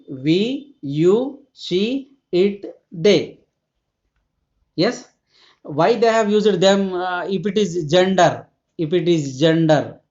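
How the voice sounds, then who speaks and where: A male school teacher, giving a grammar lesson in a hesitant way, full of "uh" fillers and repeated word lists. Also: fairly high pitch. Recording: dull lo-fi recording.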